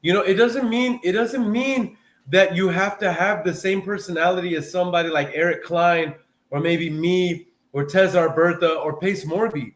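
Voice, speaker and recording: High-voiced animated man in an echoey room. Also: moderate pace. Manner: animated, repeats phrases for emphasis. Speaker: host and sales coach. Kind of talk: casual coaching chat on a live video call. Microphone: video call.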